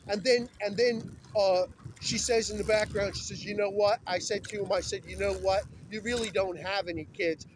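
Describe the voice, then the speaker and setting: A man with an extremely high-pitched voice films himself on his phone outdoors beside a busy road. He talks in an agitated, urgent, rambling way, and passing vehicles make the background noisy.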